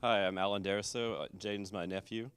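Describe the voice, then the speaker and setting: A man gives a sincere tribute as an uncle. His voice is very deep and smooth. He speaks quickly and keeps his pitch level. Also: steady tone, fairly bright tone. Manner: sincere, measured. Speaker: uncle giving a family tribute. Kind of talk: short spoken tribute.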